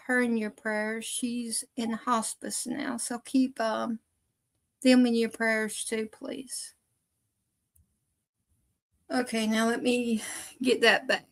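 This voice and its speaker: A woman hosting an online show, chatting casually to viewers in an informal, folksy way with many pauses. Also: fairly high pitch, rough recording.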